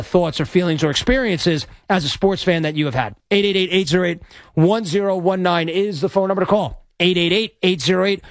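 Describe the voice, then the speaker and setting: A man hosting a late-night sports talk radio show, energetic and rambling, talking into a studio mic. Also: high-pitched, no echo. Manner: energetic, rambling, self-promoting. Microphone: studio microphone.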